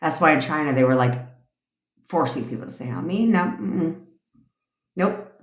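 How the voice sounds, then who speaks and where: Profane, laughing female life coach on a live stream; lower voice, echoey room. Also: expressive, normal speed. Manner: profane, brash and laughing, tangents and impressions. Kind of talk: casual live-stream rant.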